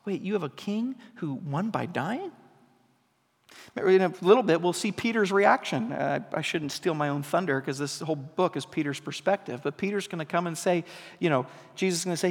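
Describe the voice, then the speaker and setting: A pastor preaching a sermon in a conversational style, asking the congregation questions and building to emphatic peaks. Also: male voice, a little high, animated, moderate pace, gravelly, slightly rough. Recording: long hall reverb.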